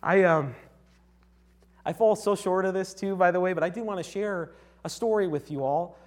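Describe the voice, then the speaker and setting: A young man from Connecticut delivers a sermon in an earnest, conversational manner. His voice sits a little high for a man, and he often restarts his sentences while checking in with his listeners. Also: moderate pace. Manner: earnest, conversational, with frequent restarts and rhetorical "right?". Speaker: preacher.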